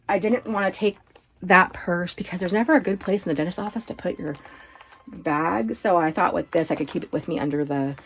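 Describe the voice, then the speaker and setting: A woman from Oregon chatting casually to camera at home as a vlogger, rambling and laughing often. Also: low voice. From Oregon, USA. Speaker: lifestyle vlogger.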